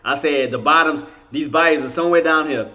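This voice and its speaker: Frustrated bright-voiced man trading live. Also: a little high, fairly quick. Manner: frustrated, repetitive, casual slang, cursing under breath. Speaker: day trading livestream host.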